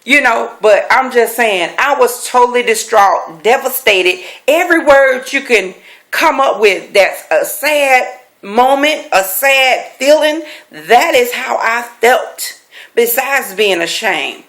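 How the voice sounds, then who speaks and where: A middle-aged woman, a life coach, telling a personal story with animated, emphatic delivery, repeating key phrases for effect. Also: fairly high pitch, slow pace. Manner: animated, acts out quoted voices; emphatic repetition.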